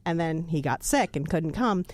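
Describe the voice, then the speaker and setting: A middle-aged woman co-hosting a casual podcast, telling a long joke in an animated way. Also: sits low, normal speed, no room sound. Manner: animated storyteller. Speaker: podcast co-host.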